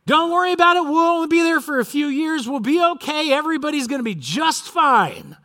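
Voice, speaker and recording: A preacher voicing loud false prophets who yell falsely soothing reassurances. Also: male voice, very high voice, lively intonation, a little fast, voice pushed up, heavily acted. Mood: frantic reassurance.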